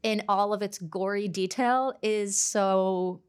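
Animated young woman telling stories. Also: mid-range voice, clean tone. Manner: animated storyteller, quick bursts. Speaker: podcast co-host. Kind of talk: casual chat.

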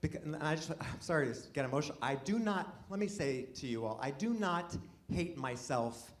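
A man doing a rambling, self-deprecating stand-up comedy set with excited outbursts, before a live audience. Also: on the high side, normal speed, a little hiss or hum.

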